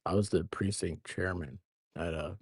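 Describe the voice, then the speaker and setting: A man's voice: sits low, fairly even intonation, normal speed, slightly rough, dry recording, studio quality. A man from Memphis with a Southern American accent, co-hosting a casual chat and telling stories in a laid-back, rambling way. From Memphis, Mid-South United States. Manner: laid-back, rambling, laughs mid-sentence. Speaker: co-host.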